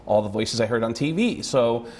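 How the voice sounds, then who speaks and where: A man's voice: mid-range voice, moderate pace. A male stand-up comedian being interviewed on a talk show, telling stories with lots of energy and dropping into voices. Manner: animated storyteller, slips into voices.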